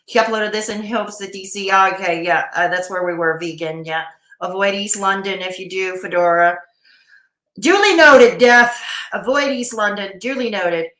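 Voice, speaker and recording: A woman's voice: mid-range voice, sharp tone. Woman reaction streamer, sarcastic, laughing asides, roomy echo. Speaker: commentary streamer reacting to a video. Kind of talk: casual reaction commentary reading chat.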